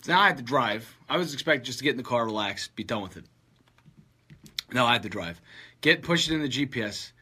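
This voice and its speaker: Husky, bright-voiced man telling a story. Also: medium pitch, quick pace. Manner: animated, acts out friends' lines. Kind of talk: casual storytelling.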